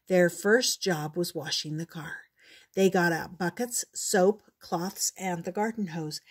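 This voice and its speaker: A woman's voice: on the low side, breathy edge. Older woman reading a storybook. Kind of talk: storybook read-aloud.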